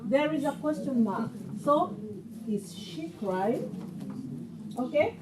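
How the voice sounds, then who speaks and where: A woman's voice: high voice, sing-song, takes it slowly, echoey room, recorded from a distance, noisy background. A woman teaching a beginner English class, patient and questioning, repeating phrases so her learners catch them.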